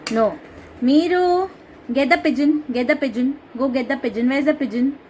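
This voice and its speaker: A young Indian woman with an Indian English accent, coaxing her toddler in slow, sing-song baby talk and making animal sounds. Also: sits high, a little mellow, slight background noise, low-quality recording. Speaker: mother teaching her toddler.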